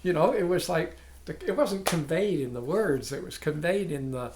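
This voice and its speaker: Older man giving a halting dharma talk. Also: a little high, expressive, reverberant, a little hiss or hum. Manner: halting, searching phrasing with frequent asides and soft laughs. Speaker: dharma teacher.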